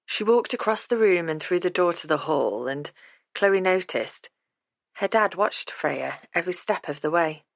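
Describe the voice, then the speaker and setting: A woman narrating an audiobook in a steady, measured reading voice. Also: lowish voice, gravelly, no echo.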